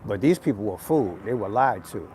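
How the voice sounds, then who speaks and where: A man's voice: lowish voice, expressive, a little fast, dark tone, a little hiss or hum. A man hosting an outdoor live stream, talking in an emphatic, repetitive, preachy way. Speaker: channel host. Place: outdoors on an urban street.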